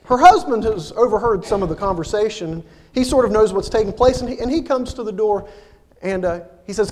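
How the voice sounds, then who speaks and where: A man's voice: high voice, fairly quick, darkish tone, big-room sound. A male minister preaching a sermon and telling illustrative stories, with frequent fillers and repeated words.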